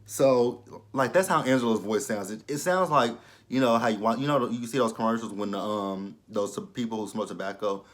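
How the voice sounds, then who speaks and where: A man, casually reviewing a reality show in a joking, profane, animated way. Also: on the low side, moderate pace.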